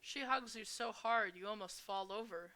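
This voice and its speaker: A woman's voice: medium pitch, pushed and bright. A young woman reading a visual novel aloud and adding crude asides. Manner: reads slowly, with crude asides. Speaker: gamer.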